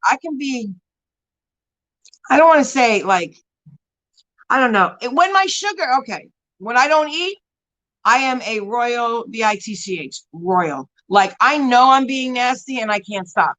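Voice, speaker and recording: A woman's voice: a little high, fairly bright tone, rough recording. A woman hosting a casual beauty live stream, chatting and answering viewers in a rambling way full of fillers and frequent laughs. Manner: laughs often while talking.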